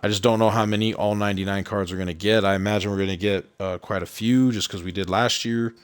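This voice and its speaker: A man casually commenting on his own gameplay as a streamer, rambling and relaxed, with many ums and uhs. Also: on the low side, fast, clean tone.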